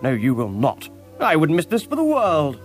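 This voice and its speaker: A man's voice: on the high side, huge pitch swings, normal speed, faint music behind. A man playing a jovial, lazy Victorian lord. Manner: jovial, posh drawl. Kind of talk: audiobook drama acting.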